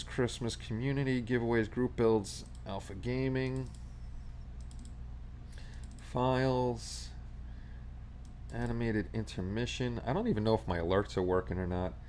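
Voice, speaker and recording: This livestream host speaks at a medium pitch with fairly even intonation, a normal speed, frequent pauses and a darkish tone. He's a New York man from Astoria, Queens, chatty and rambling as he reads viewer comments out loud. There's slight background noise and faint Christmas music.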